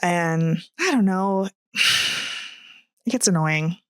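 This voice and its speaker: A woman's voice: on the low side, takes it slowly, clear, resonant tone, no room sound, clean studio sound. Giggly woman podcast co-host. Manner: giggly, animated storytelling. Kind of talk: casual chat.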